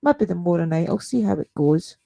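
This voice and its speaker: Scottish woman with a gravelly, mellow voice. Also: lowish voice, lively intonation, moderate pace. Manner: chatty, laughs often, addresses viewers by name. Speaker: host of a paranormal live stream. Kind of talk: casual live-stream chat with viewers. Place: home at night.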